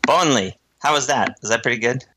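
A man co-hosting a podcast, trading deadpan ironic quips and laughing often. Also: medium pitch, moderate pace. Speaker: podcast co-host. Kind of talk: casual comedic chat.

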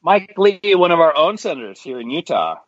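A man's voice: a little high, big pitch swings, fairly quick, dry recording. A man hosting a casual podcast, talking bluntly and ranting with lots of profanity. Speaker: podcast host. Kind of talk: casual chat. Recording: dry, slightly muffled podcast audio.

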